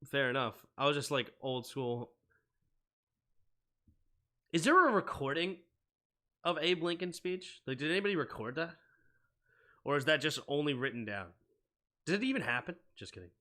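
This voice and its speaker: A young man hosting a live sports stream, mixing casual chat with excitable football play-by-play that climbs to shouting on big plays. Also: on the high side, normal speed, pauses often.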